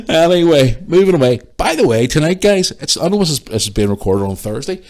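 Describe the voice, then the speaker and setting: A young man, hosting a podcast and telling a story in an animated, swearing rant. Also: a little high, fairly quick. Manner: animated ranting, swears freely. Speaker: podcast host. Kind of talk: casual storytelling monologue.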